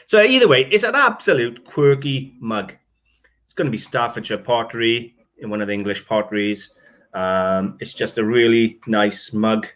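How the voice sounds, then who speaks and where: An antiques dealer hosts his channel in a casual show-and-tell, chatting through his finds, laughing often, and admitting he has trouble reading dialect. His voice is medium in pitch and a bit bright, with lively intonation and a measured pace.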